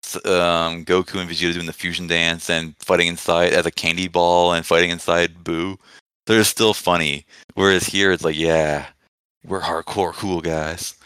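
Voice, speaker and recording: A man with a very low, smooth and crisp voice co-hosts a podcast. He rambles in a casual way, sarcastic and swearing freely. The sound is dry and close. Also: level tone, moderate pace, sharp tone, dry recording. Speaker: podcast co-host. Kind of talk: casual chat.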